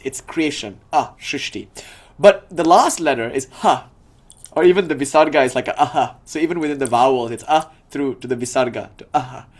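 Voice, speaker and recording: A young man teaching a spiritual tradition in a relaxed, conversational lecture, reciting terms from a classical language as he explains them. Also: mid-range voice.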